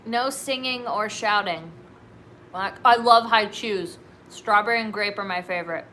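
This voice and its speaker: A woman's voice: mid-range voice, a little slow, bright, forceful tone, slight background noise. A woman from California hosting a casual solo livestream, bubbly and giggly, saying "like" and "dude" a lot. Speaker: livestream host.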